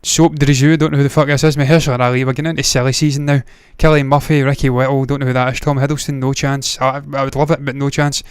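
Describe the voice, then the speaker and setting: Casual livestream commentary from a male movie news host who is blunt, opinionated and swears frequently. His medium-pitched voice is flat in delivery, quick with few pauses, in a clean-toned, dry, studio-quality recording.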